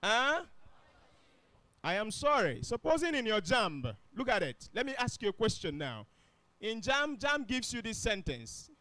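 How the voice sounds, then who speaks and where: Teacher, male, high voice, dry close sound, keeps checking if the class follows. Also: sing-song, unhurried, bright, forceful tone, dry recording. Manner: questions the class often. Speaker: English teacher. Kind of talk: classroom lesson.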